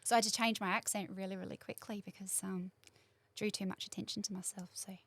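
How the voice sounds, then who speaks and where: A woman's voice: medium pitch, fairly even intonation, fast talker, dry recording. A woman in her forties from New Zealand with a New Zealand accent, chatting as a guest in a rambling way with many fillers. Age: 40s. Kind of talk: casual chat.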